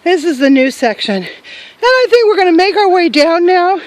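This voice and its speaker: Older woman, high-pitched voice, casual vlog chat, joking and self-mocking, outdoors, handheld camera. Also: big pitch swings, moderate pace, dry recording, rough recording. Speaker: travel vlogger. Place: outdoors in a hillside cemetery.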